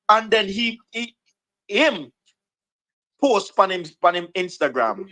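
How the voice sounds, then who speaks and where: A man's voice: high-pitched, very animated, measured pace, pauses often, fairly bright tone, low-quality recording. A man with a Jamaican accent, a regular panelist, arguing emphatically and laying out his reasons one by one. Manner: lays out numbered reasons, emphatic. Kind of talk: casual panel debate.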